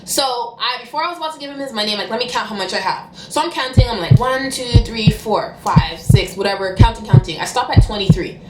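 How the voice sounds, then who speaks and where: A young woman telling a storytime vlog. She talks fast and animatedly, and bursts into loud cussing. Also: a little high, lively intonation, roomy sound, over loud music. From Canada. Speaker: vlogger.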